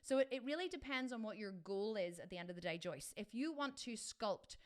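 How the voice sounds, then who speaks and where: A woman's voice: fairly high pitch, lively intonation, brisk. A middle-aged woman coaching fitness in a casual live Q&A, chatty and enthusiastic, with many restarts.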